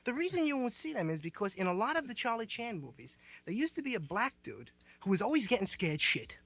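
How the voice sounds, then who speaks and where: High-voiced, rambling young stand-up comic. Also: male voice, big pitch swings, quick pace, vocal fry, fairly bright tone. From United States. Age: 20s. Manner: loose, rambling hipster slang, laughing as he talks. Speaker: stand-up comedian. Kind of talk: live stand-up comedy.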